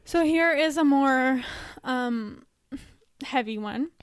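A young woman with a high, bright-pitched voice reads children's holiday letters aloud on a casual podcast, breaking into giggles and soft asides. Her voice is close and dry, with no room around it. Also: a little slow, clean tone, no room sound. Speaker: podcast co-host.

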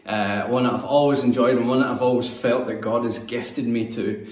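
A Scottish man in his thirties, a church youth leader, giving a relaxed, conversational, self-deprecating sermon. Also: mid-range voice, moderate pace. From Scotland. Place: church hall. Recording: echoey room, mic at a distance.

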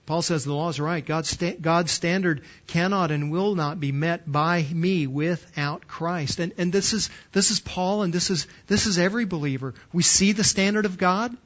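A man's voice: sits high, moderate pace, hardly any pauses, fairly bright tone, dull audio. A man preaching an expository sermon as pastor, emphatic, restarting and repeating words, and putting questions to his listeners.

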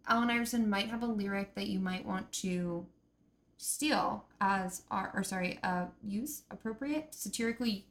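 A woman's voice: mid-range voice, moderate pace. A woman co-hosting a comedy podcast with dry, sardonic timing. She delivers her jabs in an easy, level speaking voice. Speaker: podcast co-host.

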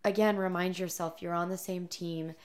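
A woman's voice: fairly low pitch, fairly even intonation, moderate pace. A young woman co-hosting a casual podcast, telling a story and laughing often. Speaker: podcast co-host. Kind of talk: casual chat.

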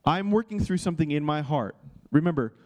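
A man's voice: a little high, expressive, brisk, mellow. Earnest man preaching with a story. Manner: earnest, confessional, with many restarts and checks like "okay?". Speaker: pastor. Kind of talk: sermon-style teaching with personal story.

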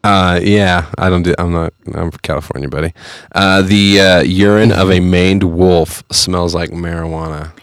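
Male podcast co-host, deep and gravelly, loose joking banter. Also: steady tone, normal speed, few pauses, no echo, clean studio sound. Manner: laughs often, easygoing banter. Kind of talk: casual chat. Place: podcast studio.

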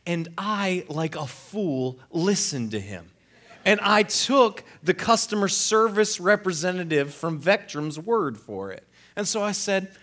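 Lively, sarcastic man telling a story. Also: a little high, a little slow. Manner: animated, sarcastic, exasperated. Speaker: speaker telling a personal story. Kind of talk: conversational storytelling.

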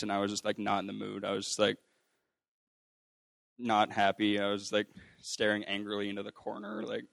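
A man's voice: fairly low pitch, creaky, no room sound. A young man casually sharing a personal faith story, rambling with lots of fillers and restarts and acting out what others said. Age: young adult. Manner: acts out quoted voices. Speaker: ministry student sharing a testimony.

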